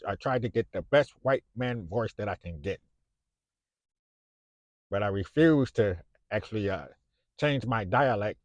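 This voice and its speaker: Recorded with no echo, a man in his fifties speaks in a lowish voice with a Chicago accent. The vlogger addresses the camera in an unscripted, rambling monologue, frequently using fillers and restarting.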